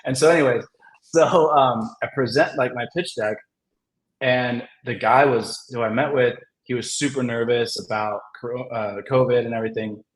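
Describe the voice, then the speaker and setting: A man's voice: medium pitch, steady tone, moderate pace. A man, a comic writer and guest, telling a story in a casual, rambling way, filling it with "like" and laughing often. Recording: roomy echo.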